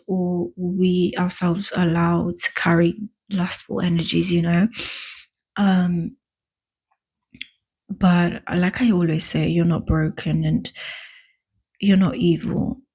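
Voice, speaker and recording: A woman whose first language is not English, talking to camera in a casual self-help vlog, earnest and affectionate, with halting restarts and drawn-out emphatic words. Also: on the low side, darkish tone, husky. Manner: earnest, affectionate, addresses viewers as "my love" and "baby". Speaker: vlogger.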